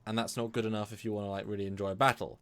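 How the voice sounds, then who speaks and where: British male co-host, eager and rambling, lowish voice, casual live-stream chat. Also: level tone, racing, a bit bright. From Britain. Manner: enthusiastic, rambling with restarts.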